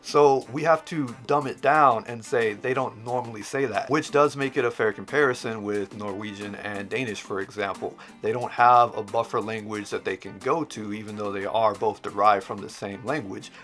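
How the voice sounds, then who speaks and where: A man's voice: lowish voice, normal speed, hardly any pauses, fairly bright tone. A man who teaches language, patiently explaining points and demonstrating examples in an educational vlog. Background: prominent background music.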